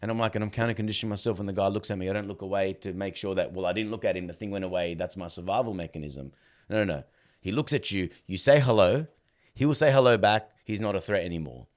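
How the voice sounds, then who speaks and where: Deep-voiced man telling animated stories. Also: fast talker. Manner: animated storyteller, acts out quoted dialogue. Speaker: podcast guest, dog trainer. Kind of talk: casual conversation.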